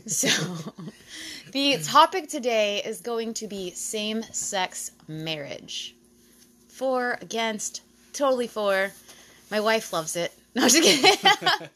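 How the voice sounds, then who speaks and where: A woman's voice: on the high side, very animated, slow pace, a bit bright. A woman hosting a podcast, chatting and joking with friends around a table and laughing often. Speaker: podcast host. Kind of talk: casual chat with friends.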